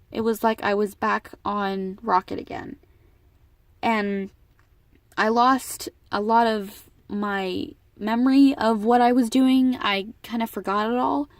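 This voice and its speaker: A woman's voice: mid-range voice, no echo. Teen girl, vlogger, rambling, emotional, dry close sound, mid-range voice. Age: teens. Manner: emotional, rambling, frequent restarts. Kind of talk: casual storytelling vlog.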